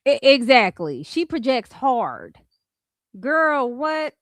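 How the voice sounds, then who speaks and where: Woman host, high voice, sassy and animated commentary, dry close sound. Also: slow, dry recording. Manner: sassy, animated, laughs often, mimics others in quotes. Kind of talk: casual reaction commentary.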